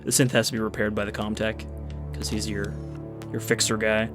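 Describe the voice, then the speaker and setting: A man giving casual, relaxed commentary while he plays and explains a strategy game, in an offhand, explanatory way. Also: on the low side, brisk. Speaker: gaming video host. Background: game music and unit sounds.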